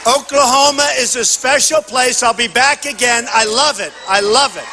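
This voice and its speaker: Older male candidate, very high-pitched, bright forceful tone. Boastful and repetitive, shouts his lines at a rally with faint noise behind. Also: normal speed, in a large hall, rough recording. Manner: boastful, repetitive, punchy phrases; often shouts to the crowd. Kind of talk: campaign rally speech. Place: large rally venue.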